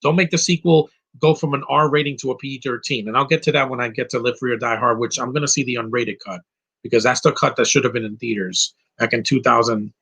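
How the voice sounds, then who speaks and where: A man's voice: mid-range voice, steady tone, quick pace, vocal fry, bright, forceful tone, husky. A man giving casual live commentary over a film, opinionated and rambling, with frequent fillers and restarts. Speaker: movie commentary host.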